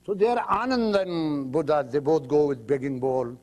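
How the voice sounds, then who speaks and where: A man's voice: fairly high pitch, normal speed, a little mellow. A man giving a spiritual lecture, telling parables emphatically and acting out the quotes. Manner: emphatic storytelling with acted quotes. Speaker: spiritual teacher.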